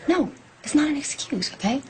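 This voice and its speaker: A woman's voice: sits high, expressive, fairly quick, a little hiss or hum. An actress playing a tough, principled female police officer who speaks in firm, clipped replies. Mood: tense. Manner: firm, clipped, resists pressure. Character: tough young female cop, principled and guarded. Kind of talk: TV movie acting.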